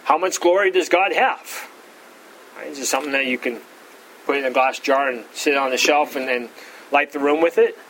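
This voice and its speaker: A pastor giving an expository Bible teaching, repeating words and saying "all right" often, rising in pitch to stress key points. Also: male voice, normal speed, a bit bright, a little hiss or hum, poor audio. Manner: rises in pitch for emphasis.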